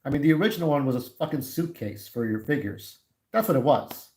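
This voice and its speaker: A man's voice: a little high, big pitch swings, a little fast, darkish tone, rough recording. Candid middle-aged man livestreaming. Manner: candid, opinionated, talks straight to viewers. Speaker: YouTube livestreamer. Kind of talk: casual livestream chat.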